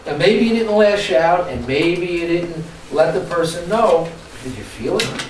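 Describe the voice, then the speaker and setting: This man's voice sits a little high, and he keeps a measured pace as he lectures a live workshop audience. He's an animated storyteller who quizzes the room, captured by a far-off mic in an echoey space with slight background noise.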